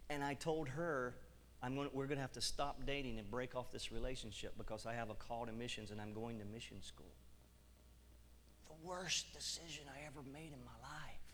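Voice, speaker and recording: A man preaching in a reverberant hall. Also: a little high. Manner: animated storytelling with acted-out dialogue. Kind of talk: sermon with personal testimony. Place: church hall.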